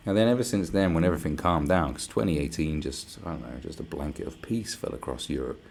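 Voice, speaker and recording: Low gravelly man ranting. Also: very animated, brisk, darkish tone, slight background noise. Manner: swearing, rambling and sarcastic, slips into mock voices. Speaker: vlogger. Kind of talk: casual rant to camera.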